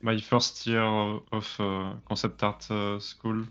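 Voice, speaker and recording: A man's voice: on the low side, level tone, slow, a bit bright, clear, resonant tone, dull audio. A man, a guest artist on a stream, speaking hesitantly with many fillers. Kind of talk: casual stream chat.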